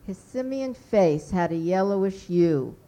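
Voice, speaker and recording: A woman reading her own fiction aloud at a writers' workshop, measured and deliberate. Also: fairly low pitch, animated, warm tone, low-quality recording.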